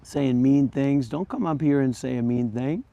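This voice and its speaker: A man's voice: mid-range voice, moderate pace, gravelly, warm tone, no echo. A man hosting a livestream, talking bluntly and combatively straight at his viewers. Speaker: livestream host and former monk. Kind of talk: unscripted livestream talk.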